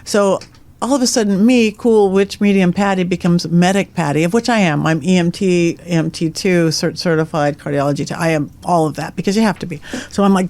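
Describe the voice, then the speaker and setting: A middle-aged psychic medium on a podcast spins ghost stories with gusto, laughing along at her own jokes. Her voice sits on the low side, a little mellow, and moves fairly quickly.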